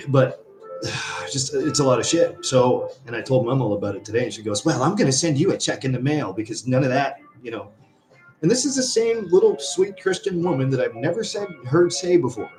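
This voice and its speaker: A man's voice: fairly low pitch, poor audio. A man hosting a live stream, rambling and sighing as he talks to viewers and reads their comments aloud. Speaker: livestream host. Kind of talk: rambling casual livestream chat. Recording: music playing behind.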